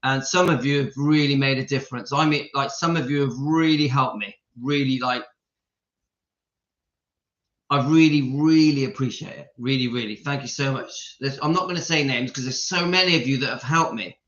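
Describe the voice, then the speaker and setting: A man's voice: mid-range voice, moderate pace, a bit bright, echoey room, lo-fi sound. A middle-aged man hosting a casual live stream, chatty and openly emotional as he talks straight to his viewers.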